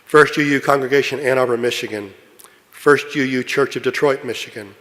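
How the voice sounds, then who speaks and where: A man's voice: mid-range voice, brisk, fairly bright tone. A man from Kentucky presiding at a meeting, reading a long list steadily and speaking off-script with many fillers. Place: large meeting hall. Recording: long hall reverb.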